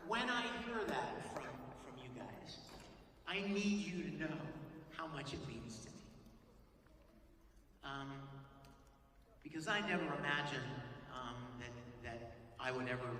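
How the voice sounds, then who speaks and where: A man, a voice actor, telling an animated, emotional story to a convention panel audience. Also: mid-range voice. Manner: animated, emotional, laughs often. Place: large convention hall. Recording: echoey hall, distant mic, noisy.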